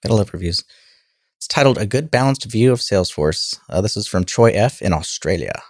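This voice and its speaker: A man in his forties co-hosting a podcast, talking in a relaxed, halting, self-deprecating way. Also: on the low side, dry recording, clean studio sound. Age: 40s. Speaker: podcast co-host. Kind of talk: casual podcast chat.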